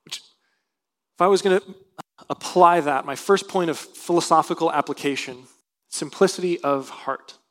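A man's voice: a little high, moderate pace, a bit bright. A male pastor preaching a sermon, reading scripture aloud and explaining it earnestly. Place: church sanctuary.

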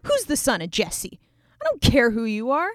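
A woman voicing a rude, hostile rich man who shouts people away. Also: on the high side, huge pitch swings, moderate pace, no room sound, clean studio sound, faint music behind. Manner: shouting, dismissive.

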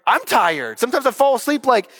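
A man in his thirties, a pastor preaching a sermon in an animated, conversational way. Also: very high-pitched, fairly quick. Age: 30s. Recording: long reverb of a large hall.

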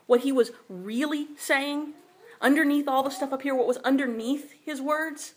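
A woman's voice: sits high, normal speed. A woman teaching a sermon in a conversational way, often checking in with her listeners. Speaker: Bible teacher.

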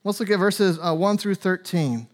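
A man's voice: high voice, normal speed. A man in his forties, a pastor giving a sermon in a conversational, chatty way with frequent fillers.

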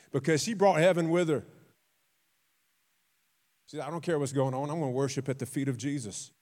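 A man preaching a sermon, telling stories with acted quotes, repeating himself and dropping suddenly to a quiet voice. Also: medium pitch, expressive, brisk, long pauses. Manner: repeats and restarts words, conversational.

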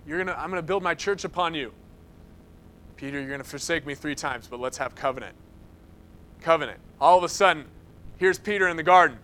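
A man preaching a sermon, telling stories in an animated way and acting out the quoted lines. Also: a little high, a little fast, long pauses, a little hiss or hum. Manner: animated storytelling, acts out quotes.

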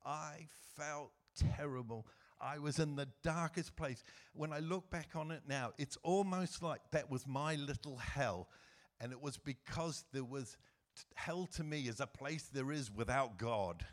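With a fairly high voice and measured pace, this middle-aged guest speaker gives an earnest, emotional church testimony about his own life, letting out soft laughs along the way.

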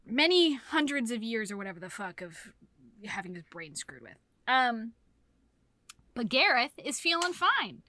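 A woman's voice: a little high, sing-song, measured pace, pushed and bright. A woman co-hosting a podcast, telling a book plot with lots of swearing and laughter and acting out the characters as she goes. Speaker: podcast co-host. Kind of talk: casual book chat.

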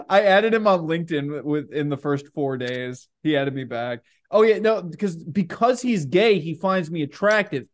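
A man's voice: fairly high pitch, animated, normal speed. Laughing, foul-mouthed young guy. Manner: loose, profane, laughs often. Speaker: podcast co-host. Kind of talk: casual chat.

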